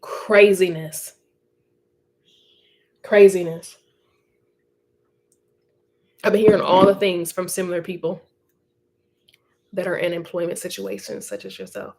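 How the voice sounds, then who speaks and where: A woman's voice: on the low side, very animated, brisk, a little mellow. A woman hosting a casual livestream, reading viewer comments in a chatty, encouraging way and laughing often. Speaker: livestream host.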